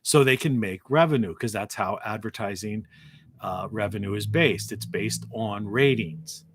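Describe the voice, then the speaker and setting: A man hosting a live talk show in a rambling monologue, with frequent restarts and a morning voice, clearing his throat now and then. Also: on the low side, measured pace, a bit bright, slight background noise. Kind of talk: solo live-stream monologue.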